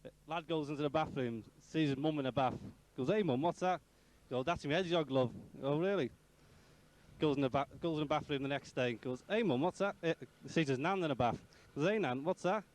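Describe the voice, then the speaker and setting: A man's voice: on the high side, brisk. A man stopped on the street, telling a crude joke in a blunt way.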